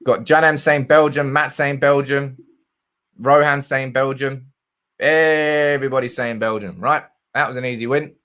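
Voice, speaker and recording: A man of medium pitch hosts a live football stream, talking loosely and off the cuff. He reads out names and picks from the chat as he goes, in an easy, chatty manner. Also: fairly even intonation, measured pace, fairly bright tone. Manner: chatty, reading viewer comments aloud. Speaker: football channel host.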